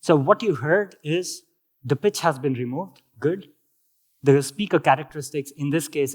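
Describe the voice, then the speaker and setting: A man with an Indian accent presents at a conference, walking the audience through technical ideas. His voice sits at an ordinary middle pitch. He pauses with fillers and restarts his phrases as he explains. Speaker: conference speaker.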